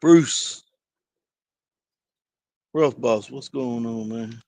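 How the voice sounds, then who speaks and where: A man's voice: medium pitch, moderate pace, creaky, no echo. A man, a kennel owner chatting easygoing on a casual vlog while calling to his dogs in an outdoor yard.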